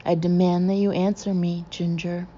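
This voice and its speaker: A stern, insistent male hypnotist, as a woman narrator voices him, coaxing and then commanding in a low, mellow tone. The audiobook recording is dull and lo-fi, with a faint hiss. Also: fairly even intonation, unhurried, natural voice. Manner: soothing then stern and demanding.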